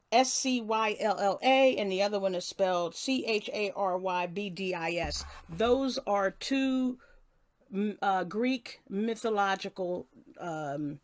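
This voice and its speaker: In a dry recording, a mid-range female voice belongs to an older woman running a relaxed live stream. She reads a passage aloud and then welcomes viewers by name, with frequent restarts.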